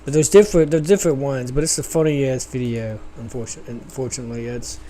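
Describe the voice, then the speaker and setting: Profane rambling man streamer, dark voice. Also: medium pitch, steady tone, fast, slight background noise. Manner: profane, rambling, trails off into mumbles. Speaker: live stream host reacting to videos. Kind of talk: casual reaction stream chat.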